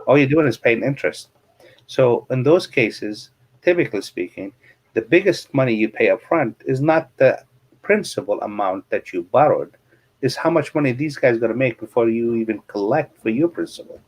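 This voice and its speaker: A man's voice: medium pitch, expressive, normal speed. A middle-aged man, a real estate coach and interview guest, telling anecdotes and explaining money matters with plain examples.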